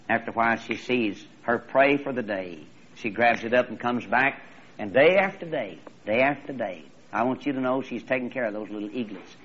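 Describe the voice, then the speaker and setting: A man preaching a storytelling sermon in a folksy, animated way, often repeating his phrases, on a slightly muffled recording. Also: mid-range voice.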